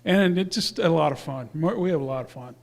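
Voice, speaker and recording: Chatty high-voiced man announcing awards. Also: lively intonation, a little fast, vocal fry. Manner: chatty, rambling, with fillers and self-corrections. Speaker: church speaker presenting youth awards. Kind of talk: casual announcements to a congregation.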